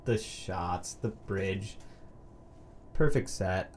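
A man casually talking through a film, swearing freely and jumping into loud, excited mock outbursts. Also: low-pitched, extremely slow, faint music behind. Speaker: movie commentary co-host. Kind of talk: casual film commentary chat.

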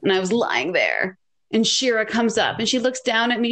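A young woman co-hosting a casual chat, telling animated stories and acting out quoted lines. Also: a little high, normal speed. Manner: animated, says "like" often, acts out quotes.

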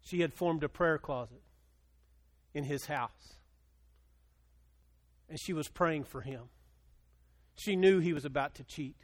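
A middle-aged male pastor preaching a sermon, moving between quiet storytelling and loud, impassioned appeals. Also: fairly high pitch, unhurried, pauses often.

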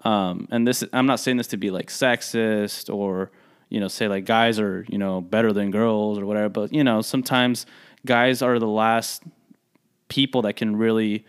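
Smooth-voiced young man telling stories. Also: lowish voice, fairly even intonation, moderate pace. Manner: storytelling, many fillers like "like" and "you know". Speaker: podcast co-host. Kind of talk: casual chat.

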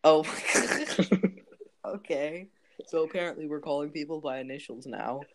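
A man's voice: on the high side, moderate pace, background noise. Brief: young man, goofy improv partner, narrates his own scene. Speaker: improv role-player. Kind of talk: playful improvised role-play.

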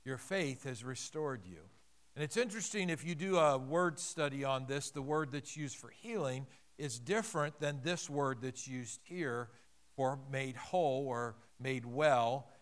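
A man preaching a sermon earnestly, swelling louder and slowing down on the key phrases. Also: medium pitch. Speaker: pastor.

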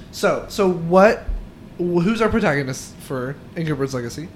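A man's voice: fairly high pitch, lively intonation, measured pace, a little hiss or hum. A man hosting a podcast in a casual, playful chat, prompting his guests. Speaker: podcast host.

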